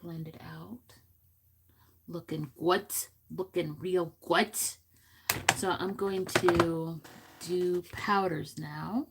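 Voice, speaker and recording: A woman with a slightly low speaking voice chats her way through a makeup tutorial at home. She talks casually and playfully, giggling and tossing in silly asides as she works. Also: heavy background noise. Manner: chatty, giggly, goofy asides. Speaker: beauty vlogger. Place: home room.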